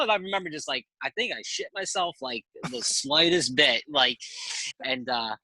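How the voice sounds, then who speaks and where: Male guest, relaxed rambling talker who swears casually; very bright voice, dry recording. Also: a little high, moderate pace, dry recording, rough recording. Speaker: podcast guest. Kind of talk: casual storytelling chat.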